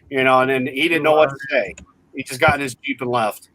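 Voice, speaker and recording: A man's voice: mid-range voice, a little fast, dry recording. A man in his forties telling a story in casual chat, blunt and full of swearing. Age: 40s. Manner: profane, blunt, animated retelling.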